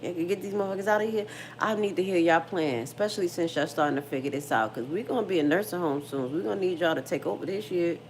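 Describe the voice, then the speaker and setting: A woman's voice: on the low side, fast, darkish tone, slight background noise. A middle-aged woman hosting a casual livestream, frank and slangy, talking straight to her viewers and reading their comments. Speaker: livestream host.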